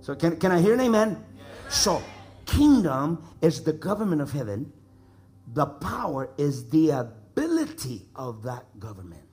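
A man from the United States preaching a sermon to a congregation, emphatic and repeating lines for them to echo back, building to shouts. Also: fairly high pitch, very animated, a little slow, soft background music. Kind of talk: sermon with call-and-response. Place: church service before a congregation.

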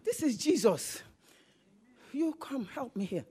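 A woman preacher with a high voice delivers a lively sermon, her pitch leaping all over. She talks animatedly and breaks into bursts of shouting. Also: takes it slowly, slightly rough. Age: adult, married.

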